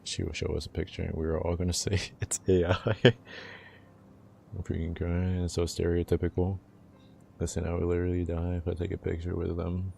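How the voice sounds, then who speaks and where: Deep, gravelly young man teasing his chat. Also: completely flat delivery, a little fast, darkish tone, slight background noise. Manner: teasing, laid-back banter with chat, laughs often. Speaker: livestreamer. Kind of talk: casual livestream chat.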